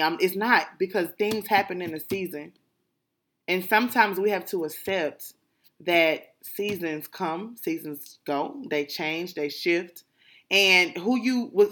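A woman speaks in a personal, reflective monologue. Her voice is bright, and she leans into emphatic, prayer-like repetition of thanks. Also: fairly low pitch. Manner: emphatic, repeating gratitude phrases like a prayer.

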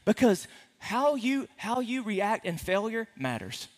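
A man preaching a sermon to a congregation, animated and playful, with teasing asides to the room. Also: sits high, measured pace. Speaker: pastor. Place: large hall with a congregation. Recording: reverberant hall.

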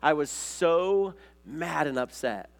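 A pastor from Montana, USA, with a fairly high voice, lively intonation, and vocal fry, speaks at a slow pace. His sermon feels conversational, full of casual storytelling and frequent "like" and "right?".

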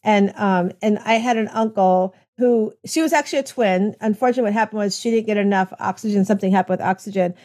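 An American woman hosts a conversational podcast interview in a mid-range, slightly mellow voice. She speaks fast with few pauses, enthusiastic and rambling in long stretches, restarting sentences often.

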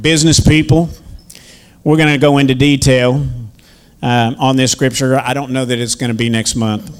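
A man's voice: medium pitch, clean tone. A man preaching a sermon, telling folksy stories with asides to the congregation before reading scripture. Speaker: minister and teacher.

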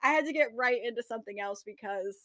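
A woman co-hosting a casual book podcast, excitable and profane, acting out scenes as she talks. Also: a little high, fast talker, dry recording, clean studio sound. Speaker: podcast co-host.

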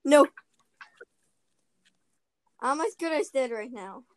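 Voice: high-pitched, expressive, slow, no room sound. A guest on a gaming podcast, chatting casually and hesitantly during play, often trailing off with ums.

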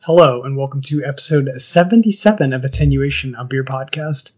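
A man hosting a casual podcast with his best friend, friendly and quick to laugh. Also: mid-range voice, a little mellow, slightly rough, muffled recording, soft background music. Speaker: podcast co-host. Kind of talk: casual chat.

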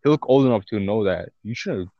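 Low-voiced swearing young man, lo-fi. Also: animated, brisk, warm tone, no echo. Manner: rambling storytelling with heavy swearing and restarts. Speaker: podcast co-host. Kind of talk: casual podcast chat. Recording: dull, dry lo-fi recording.

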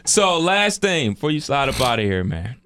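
A young man hosting a podcast. He talks in a relaxed, slangy way and laughs often. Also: mid-range voice, normal speed. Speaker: podcast host. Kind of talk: casual podcast chat.

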